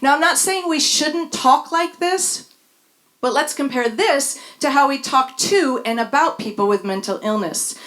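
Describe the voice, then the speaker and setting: A woman's voice: sits high, animated, a little slow, fairly bright tone. A woman reading her own personal essay on a stage in front of a live audience, with a wry, emphatic delivery. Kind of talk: spoken essay read on stage.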